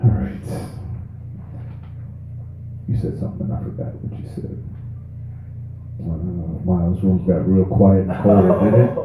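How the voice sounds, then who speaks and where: A man's voice: deep voice, fairly even intonation, measured pace, pauses often, background noise. A man hosting an open mic, musing darkly and dryly between acts. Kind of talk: stand-up host banter. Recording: distant mic, echoey room, tinny sound.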